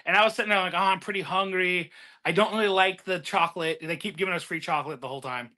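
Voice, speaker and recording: A man who was once a game show contestant tells stories in a casual group chat, animated and laughing often. His voice sits high and he talks fast.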